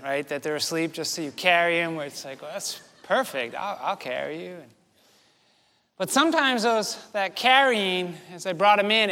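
A man in his forties preaching a sermon, telling a story slowly and asking the congregation rhetorical questions. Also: a little high, pushed and bright, long reverb tail. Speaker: pastor. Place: church sanctuary.

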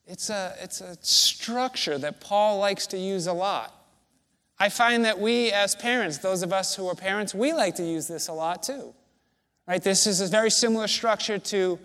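A man preaching a sermon as pastor, slow and deliberate, with emphatic pauses between phrases. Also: sits high, a bit bright.

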